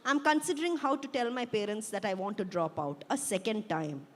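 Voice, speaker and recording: A woman author giving an intense, expressive first-person reading of her own story at a book fair. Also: medium pitch, fast talker. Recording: long hall reverb.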